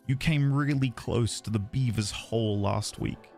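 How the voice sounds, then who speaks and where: A man's voice: mid-range voice, slow, a little mellow. A man streaming a video game, chatting with viewers in a self-mocking, laughing way. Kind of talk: live game commentary. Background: game music.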